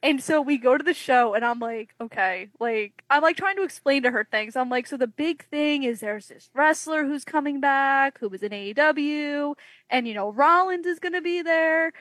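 A woman's voice: high-pitched, moderate pace, dry recording. A young woman guest on a podcast, telling stories casually and acting out the voices of the people she quotes. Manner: animated, acts out quoted voices. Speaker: wrestling journalist guest.

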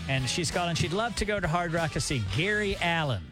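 A man co-hosting morning radio, teasing his partner in an exasperated, quick-retort way. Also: fairly high pitch, animated, over music. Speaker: radio co-host.

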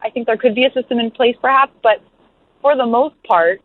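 A woman calling in to a radio talk show, speaking in a measured, thoughtful way. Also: fairly high pitch, no echo. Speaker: caller. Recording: tinny phone line.

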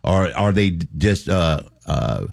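A man's voice: deep voice, animated, slow, gravelly, a little mellow, dry recording, clean studio sound. A man co-hosting a radio talk show, laid-back and slangy with a caller. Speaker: radio co-host.

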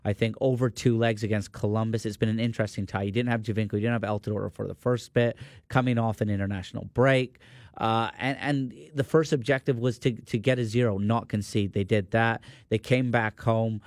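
A man's voice: on the low side, steady tone, brisk, dry recording. A man giving studio sports analysis, offering firm opinions and often restarting his sentences.

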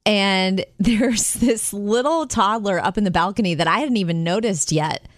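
A woman co-hosting a radio show in casual chat, telling stories in an animated way and laughing often. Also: mid-range voice, moderate pace, no room sound, studio quality. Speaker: radio co-host.

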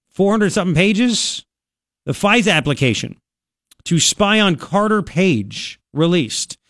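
A man hosting talk radio, his voice sitting fairly high for a man. He talks emphatically, repeats himself and throws in quick asides. The studio sound is close and dry. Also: fairly bright tone, no room sound. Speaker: radio talk show host. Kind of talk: talk radio monologue with live ad read. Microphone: studio microphone.

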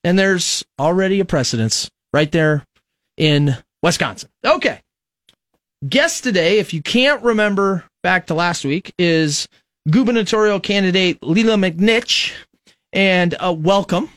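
A fairly high-voiced man hosting a talk radio show, wandering from point to point with plenty of ums and you-knows. He is from Nebraska. His voice sits close to the mic in a dead, dry studio. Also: lively intonation, a little slow, a bit bright, no echo. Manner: rambling, conversational, many fillers. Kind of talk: conservative political talk radio monologue.

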